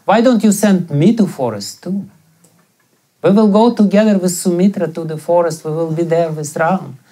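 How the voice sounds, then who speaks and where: A man's voice: sits high, normal speed, warm tone. A man voicing a grieving, widowed queen who bitterly accuses the prince.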